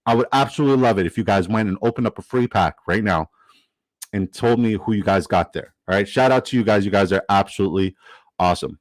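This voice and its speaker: A man hosting a live stream, upbeat and chatty, swearing casually and giving shout-outs. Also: fairly low pitch, quick pace, dry recording, rough recording. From Canada. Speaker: livestream host. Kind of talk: casual livestream commentary.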